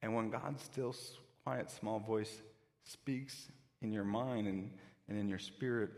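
Guy preaching in a church, kinda low voice, lots of restarts, big echoey hall. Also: steady tone, slow pace, creaky, a little mellow. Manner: conversational, with frequent restarts. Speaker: pastor. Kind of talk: sermon.

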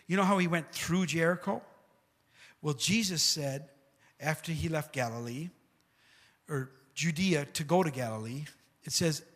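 A man preaching a sermon with animated asides like "come on" and "amen," retelling scripture stories in a casual voice. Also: fairly high pitch. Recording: long hall reverb.

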